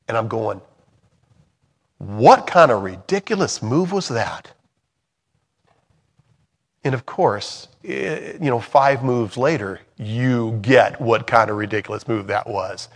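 A man preaching a sermon in a conversational way, swinging from loud emphatic bursts to soft, hushed lines. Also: mid-range voice, measured pace.

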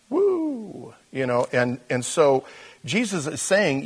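Husky-voiced man preaching a casual sermon. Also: medium pitch, slow pace. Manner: conversational, with fillers and restarts; shifts between quiet intensity and animated emphasis. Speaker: pastor.

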